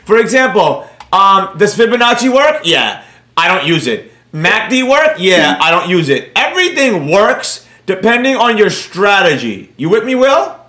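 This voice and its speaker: Male livestream host, bright and animated, roomy echo. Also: high-pitched, normal speed. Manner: animated, joking, addresses chat viewers by name. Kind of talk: casual livestream Q&A.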